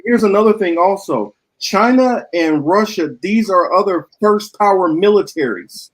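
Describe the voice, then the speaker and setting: A man's voice: sits high, expressive, measured pace, rough recording. A man co-hosting a political talk show, arguing bluntly and with profanity in a heated debate.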